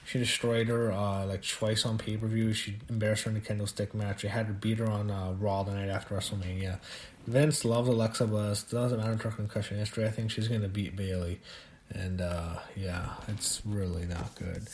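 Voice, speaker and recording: Blunt, low-voiced man recapping wrestling. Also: flat delivery, normal speed, slight background noise. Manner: blunt, dismissive, profane, with frequent fillers. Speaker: wrestling show reviewer. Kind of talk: casual recap monologue.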